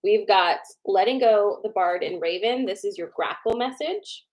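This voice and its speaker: A young woman in her livestream greets her audience by name and slowly goes back over their choices before a card reading. Her mid-range voice has a darkish tone, and the recording quality is low.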